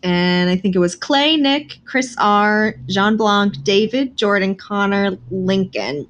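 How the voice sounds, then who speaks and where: A woman's voice: medium pitch, slow, fairly bright tone, lo-fi sound. A woman co-hosting a casual podcast, chatting in a playful, teasing way and laughing easily. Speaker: podcast co-host.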